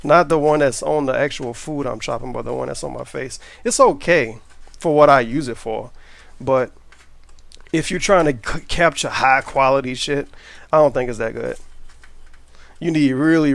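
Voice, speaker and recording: A man rambles through a casual cooking vlog. He swears freely and talks loosely as he works in his home kitchen. His voice is gravelly at a middle pitch, and the sound is dry with no room echo. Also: normal speed, fairly bright tone. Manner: rambling, profane, offhand. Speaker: cooking vlogger. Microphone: camera mic while cooking.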